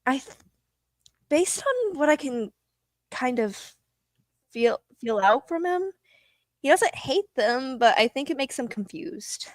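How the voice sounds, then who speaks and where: A woman's voice: high-pitched, very animated, slow pace, pauses often, no room sound. Thoughtful woman player, dry sound. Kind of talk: tabletop role-play chat.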